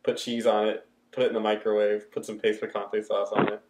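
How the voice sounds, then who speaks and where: A man's voice: lowish voice, monotone, a little fast, darkish tone. A man co-hosting a podcast, telling rambling stories and laughing often in casual chat over a call. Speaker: podcast co-host. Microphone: Skype call. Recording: echoey room over a Skype call.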